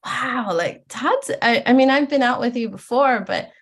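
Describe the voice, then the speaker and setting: A woman's voice: on the high side, moderate pace. A woman speaking enthusiastically and admiringly in a casual interview, often restarting her sentences. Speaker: interview guest.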